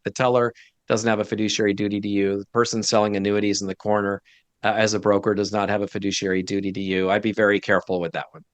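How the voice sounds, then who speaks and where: A man's voice: fairly low pitch, no room sound. A man speaking as a guest financial advisor in a casual interview, direct and emphatic with blunt opinions.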